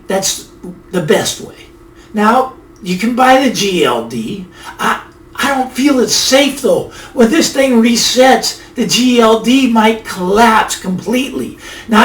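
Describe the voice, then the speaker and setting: A man's voice: very high voice, roomy sound, far from the mic. A man hosting a finance video, giving casual, emphatic market commentary that rambles and repeats itself.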